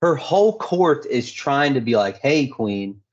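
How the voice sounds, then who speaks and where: A man co-hosting a podcast, chatting casually about a TV episode with animated, exasperated opinions. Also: fairly high pitch, normal speed. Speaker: podcast co-host. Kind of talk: casual TV recap chat. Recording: dull lo-fi recording.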